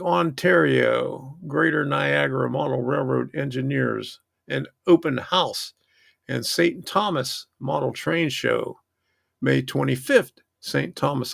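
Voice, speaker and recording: Slow, gravelly-voiced man chatting casually. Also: mid-range voice, no room sound, clean studio sound. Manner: rambling, chatty, self-interrupting. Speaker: host of a model train channel. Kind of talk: casual livestream chat.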